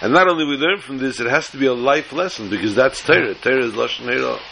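A man's voice: medium pitch, animated, fast talker, creaky, bright, forceful tone, slight background noise, poor audio. A man teaching a Torah class, telling a long joke in a chatty, joking way and often repeating words. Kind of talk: storytelling lecture.

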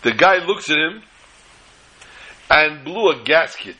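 A man and religious teacher, telling humorous stories in a sermon with lively delivery. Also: a little high, slow, husky, poor audio. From United States. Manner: animated storyteller, shifts between voices. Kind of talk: storytelling sermon with jokes.

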